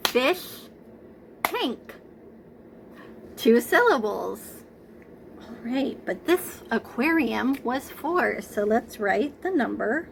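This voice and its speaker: A woman leads a preschool lesson from home through her computer camera, coaxing young children along in a gentle, unhurried way. Her voice sits a little high with a gravelly fry at the edges. A faint hiss runs beneath the recording. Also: low-quality recording. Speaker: preschool teacher. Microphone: computer camera mic.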